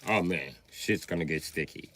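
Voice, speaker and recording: A man hosting a livestream, riffing in an animated, profane comedic rant with sudden jumps in pitch. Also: normal speed, dry recording. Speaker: livestream host.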